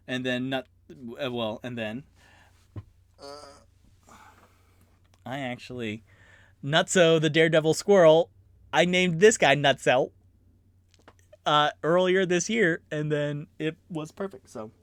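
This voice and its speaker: A man's voice: a little high, takes it slowly, pauses often, smooth, no echo. A man streaming live from his room at home, narrating a tabletop game as dungeon master and rambling to his chat. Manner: animated, rambling, talks to chat. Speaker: dungeon master and solo player.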